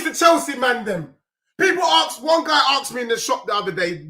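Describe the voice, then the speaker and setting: A man ranting heatedly about football in street slang, often shouting. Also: very high-pitched, big pitch swings, normal speed. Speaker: football fan channel host. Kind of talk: angry fan rant with sung parody.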